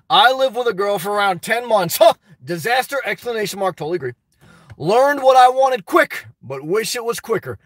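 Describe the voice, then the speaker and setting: A man's voice: very high-pitched, fairly bright tone, no echo. A man chatting casually on a live stream, reading viewer comments aloud, rambling and laughing often as he talks straight to his audience. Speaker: vlogger reading live chat.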